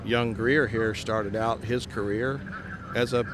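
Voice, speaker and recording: A company leader with a fairly low, steady voice speaks slowly in a live podcast conversation at an outdoor trade skills event. He talks earnestly, often repeating words as he starts a sentence, while crowd noise fills the background.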